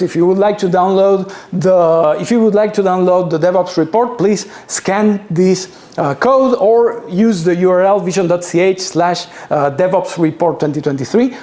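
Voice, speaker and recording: A man's voice: high voice, a little mellow. A man giving a chatty live presentation to an audience in an office tower, joking and putting questions to the crowd. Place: event space in an office tower.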